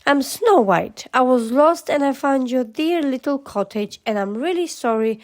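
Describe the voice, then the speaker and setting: A woman voicing a sweet, gentle young princess in a storybook. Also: high voice, animated, a little slow. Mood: cheerful.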